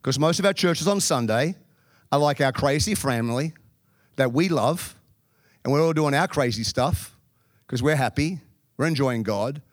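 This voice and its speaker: A man preaching a sermon in a lively, joking way with quick asides. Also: mid-range voice, dry recording, clean studio sound. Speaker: pastor.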